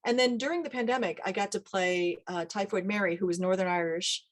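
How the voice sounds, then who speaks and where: A middle-aged woman, a dialect coach, talking casually in an interview with lively asides. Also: medium pitch. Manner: animated, quick asides, laughs often.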